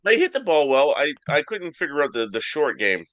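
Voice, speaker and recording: A man with a bright, forceful voice spins deadpan, absurd stories in casual comedy podcast chat. He jumps way up in pitch when he acts out other people. The sound is close and dry. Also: a little fast, no echo. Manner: deadpan absurd storytelling, voices his mom in high squeaks. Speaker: podcast co-host.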